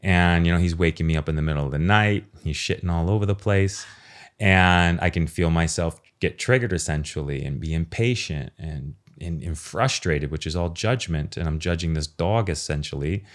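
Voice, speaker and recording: A man speaking as a podcast guest in a casual, earnest and expressive way, swearing now and then. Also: sits low, moderate pace. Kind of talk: casual conversation.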